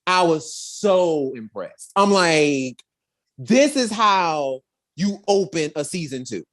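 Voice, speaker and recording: A woman's voice: low voice, animated, slow. A woman co-hosting a podcast review in casual chat, retelling scenes animatedly and acting out lines in exaggerated voices. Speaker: podcast co-host reviewing a show.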